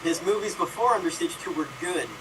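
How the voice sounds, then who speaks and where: Male improv player, deadpan one-liners, far from the mic, noisy. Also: high-pitched, fairly quick. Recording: distant mic with noise.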